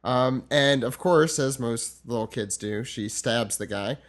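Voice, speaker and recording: A male podcast host chats jokingly about a comic chapter, his speech quick and full of restarts. His voice sits at an ordinary middle pitch. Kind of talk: casual chat, recapping a comic.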